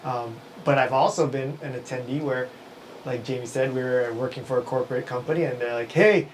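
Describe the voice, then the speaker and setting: A man's voice: mid-range voice, little pitch movement, a little fast, slight background noise, poor audio. A man hosting a live show, talking in casual livestream chat, rambling with many restarts and frequent chuckles.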